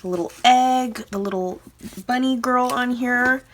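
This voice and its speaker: A woman's voice: on the high side, unhurried, slight background noise. A woman hosting a craft channel, chatting casually and gushing while opening mail at home, with lots of fillers. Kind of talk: casual unboxing chat. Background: crinkling paper and clicks from handling mail.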